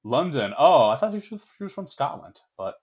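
A man's voice: a little high, sing-song, a little fast, breathy edge, highs cut off. A young man hosting a casual history podcast, rambling with many fillers, laughing often and swearing casually. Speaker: podcast host.

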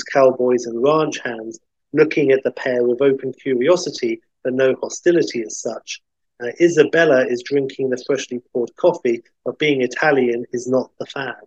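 Man animatedly pitching a spy film. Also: no room sound. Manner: animated retelling with many fillers. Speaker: podcast host pitching a film. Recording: dull, dry recording.

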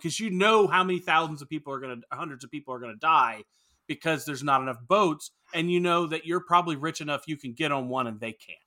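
A man's voice: on the high side, bright, forceful tone. A man co-hosting a podcast in casual film-review chat, rambling, opinionated and profane. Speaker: podcast co-host.

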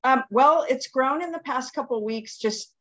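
A woman's voice: high voice, moderate pace, highs cut off. A woman being coached on a video call, who answers hesitantly and fills her speech with "um" and "okay". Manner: hesitant, with many fillers and agreeing words. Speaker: coaching client. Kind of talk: casual chat.

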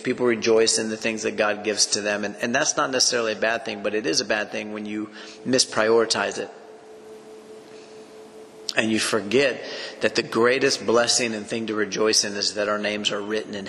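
A man's voice: fairly low pitch, creaky, sharp tone. A man preaching a sermon as pastor, earnest and conversational, often restarting his sentences. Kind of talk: sermon teaching. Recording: long echoing reverb with faint room noise.

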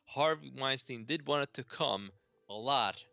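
A man's voice: medium pitch, measured pace, creaky, bright, forceful tone, no echo, dull audio. A man co-hosting a casual podcast discussion over a video call, blunt and wry, with a profane edge. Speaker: podcast co-host.

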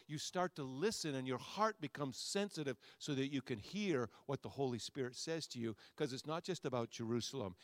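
A man, a pastor, preaching a sermon to his congregation, with a repetitive, rousing cadence that swings between loud soaring lines and quiet asides. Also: fairly high pitch, no room sound, studio quality. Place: church sanctuary before a congregation.

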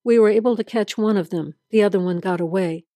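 A calm, official male police officer delivers facts plainly in an audio drama, as a woman reads him. The voice stays mid-pitched with a dry, close sound. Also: quick pace, no echo, lightly acted. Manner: calm, matter-of-fact.

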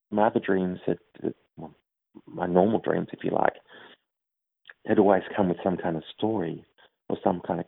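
A man answering interview questions in a thoughtful, hesitant way, with many pauses and fillers. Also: low-pitched, gravelly, slightly rough, no echo. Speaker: grief organization head, interview guest. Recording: tinny phone-like line, dry.

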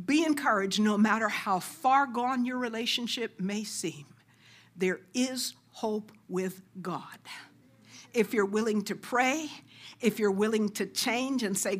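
Middle-aged woman preaching, earnest, urging ppl on, goes soft and hushed sometimes. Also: mid-range voice. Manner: earnest, exhorting, drops to soft hushed asides. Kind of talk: sermon.

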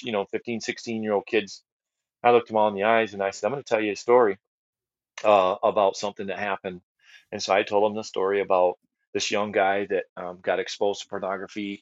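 A man's voice: lowish voice, dry recording. A middle-aged man from the United States telling a personal testimony on a podcast, earnest, with repeated phrases and many fillers. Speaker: guest ministry leader. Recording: dry, slightly dull podcast audio.

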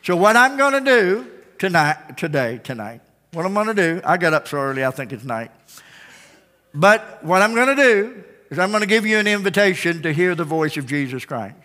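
A man preaches a revival sermon to his congregation in an emphatic, repetitive style that swells into loud calls and drops to hushed phrase endings. His voice is bright and tense and sits a little high. A long reverb fills the church sanctuary. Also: sing-song, moderate pace.

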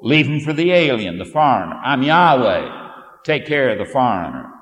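Male preacher, emphatic, lively pitch swings, long reverb of a church hall. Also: normal speed. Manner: emphatic, rising to forceful declarations. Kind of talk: sermon with scripture reading.

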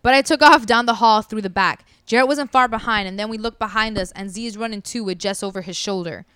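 A woman's voice: medium pitch, fast, clear, resonant tone, no room sound, clean studio sound. A woman telling a story casually and animatedly, acting out what people said. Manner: animated, acts out quotes. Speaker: podcast storyteller.

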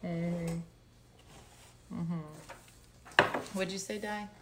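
A woman's voice: fairly low pitch, steady tone, very slow, heavy background noise. A middle-aged woman casually chatting and telling stories on a home livestream, mock-outraged and laughing often. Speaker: livestream host. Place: home, indoors.

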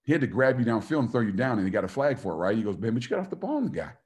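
A man's voice: mid-range voice, sing-song, very fast. A middle-aged man, a former football player and coach, giving a motivational talk and telling stories, acting out the voices he quotes and laughing often.

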